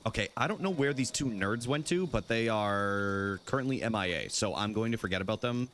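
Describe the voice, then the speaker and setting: A man's voice: fairly quick, slight background noise. A young man streaming a game live, chatting casually and goofily with his viewers. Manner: goofy, banters with chat, animated swings in pitch. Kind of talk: casual live gameplay chat.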